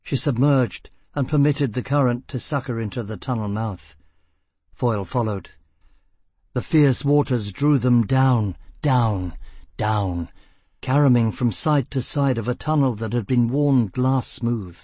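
Husky male audiobook narrator. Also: mid-range voice, a little slow, no echo. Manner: steady, dramatic storytelling. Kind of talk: scripted narration.

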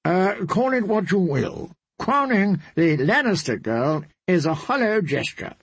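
A sneering, arrogant knight drawls his replies with lazy mockery, put on by a male narrator. His voice sits higher than the narrator's own, husky and unhurried. The delivery is dry and close. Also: sing-song, no room sound, heavily acted. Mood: mocking. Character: arrogant, mocking young knight, sharp-tongued.

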